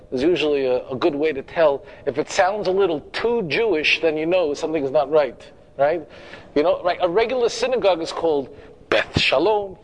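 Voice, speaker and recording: A man's voice: fairly high pitch, poor audio. A man giving an emphatic, humorous sermon-style talk as a rabbi, repeating phrases and asking the audience direct questions.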